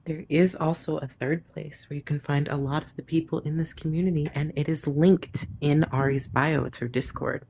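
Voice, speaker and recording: Co-host reading out stream notices, slow and measured, mid pitch. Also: steady tone, vocal fry, a little mellow. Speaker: livestream co-host. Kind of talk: making announcements on a livestream.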